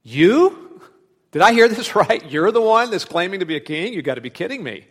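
A man's voice: high voice, sing-song, normal speed, a bit bright, breathy edge, pitched above the performer's own voice, heavily acted. A man voicing a sarcastic, incredulous Roman governor who mocks a prisoner's claim. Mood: scornful. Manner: sarcastic, mocking disbelief. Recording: long hall reverb.

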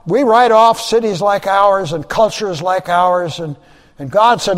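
A man delivers an emphatic sermon, repeating key phrases and swinging between hushed and loud. His voice sits high for a man. The sound rings with the long reverb of a large sanctuary. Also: animated, measured pace. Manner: emphatic preaching, repeats phrases, rising and dropping loudness. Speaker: pastor.

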